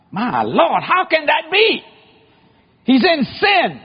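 High-voiced, shouting, joking male preacher. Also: huge pitch swings, slow pace, long pauses. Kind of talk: sermon. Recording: lo-fi muffled recording.

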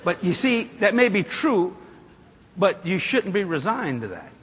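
High, lively, laughing male preacher. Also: a little slow, slight background noise. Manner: animated, laughing, playful storyteller. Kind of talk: humorous sermon storytelling.

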